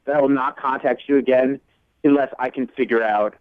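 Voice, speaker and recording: A man's voice: medium pitch, steady tone, brisk, dry recording. A man calling in to a radio show, sounding flustered and defensive, stammering over a phone line. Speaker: caller. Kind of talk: radio call-in conversation.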